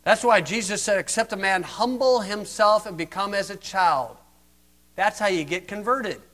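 An older American man preaching a sermon, mocking and sarcastic, swinging from loud emphasis to hushed asides. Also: sits high, moderate pace.

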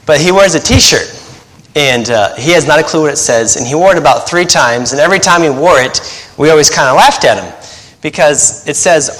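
A man, a pastor and missionary, preaching a sermon in a chatty way, laughing at his own stories and habitually talking fast while trying to slow down. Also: on the high side, animated, fairly bright tone, big-room sound. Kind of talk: sermon with joking asides.

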